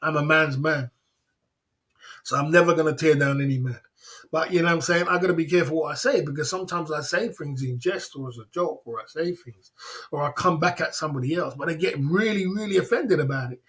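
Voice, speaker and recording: A man's voice: a little high, a little fast, a bit bright. A man hosting a livestream, rambling and teasing viewers with chuckles in casual banter. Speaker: livestream host.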